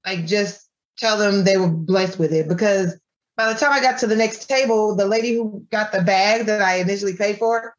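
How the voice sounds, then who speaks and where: A woman, a small food business owner, telling an animated story in an interview and acting out the dialogue of the people in it. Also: mid-range voice, moderate pace, dull audio. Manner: animated, acts out quoted dialogue with her voice. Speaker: guest, granola business owner.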